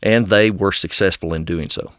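A man with a West Texan accent, polite and deliberate, answering a questioner with a courteous "yes, sir". His voice sits low, and the sound is close and dry. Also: steady tone, a bit bright, no room sound. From Amarillo, Texas. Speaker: audience questioner. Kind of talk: conversational Q&A. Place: barn.

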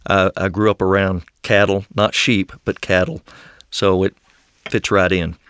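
A man with a West Texan accent, answering questions politely and deliberately, saying "yes, sir", in a barn. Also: sits low, level tone, a bit bright, smooth, dry recording, studio quality. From Amarillo, Texas. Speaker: audience questioner. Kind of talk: conversational Q&A.

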